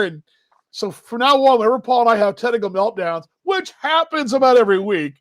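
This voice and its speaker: An American man hosting a live baseball talk show, chatty and energetic, rambling with fillers. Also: very high-pitched, fairly quick. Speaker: podcast host. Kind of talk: casual live sports talk.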